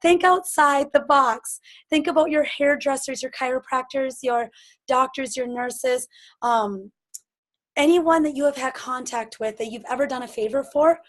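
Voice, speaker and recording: A woman giving a motivational sales training, energetic and acting out sample conversations in lively voices. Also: high-pitched. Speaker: business trainer.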